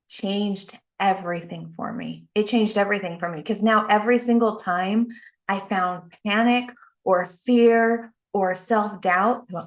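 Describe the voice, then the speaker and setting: A woman coach giving a motivational talk, telling a personal story with emphatic, animated delivery. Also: mid-range voice, measured pace, highs cut off. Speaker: life coach and speaker.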